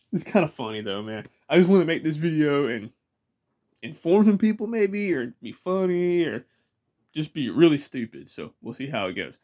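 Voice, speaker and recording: A man chats loosely to camera in a vlog. His pitch rises and falls a lot. He pauses, chuckles and restarts his sentences as he goes. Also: big pitch swings, a little mellow. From Georgia, US. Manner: laid-back, chuckling, halting restarts. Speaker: vlogger. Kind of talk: casual rambling vlog.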